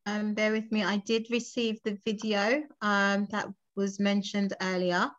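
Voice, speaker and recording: A woman's voice: medium pitch, flat delivery, unhurried. A woman church member apologetically asking everyone to wait while she sets up a video, heard on lo-fi call audio. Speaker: church member reading tributes.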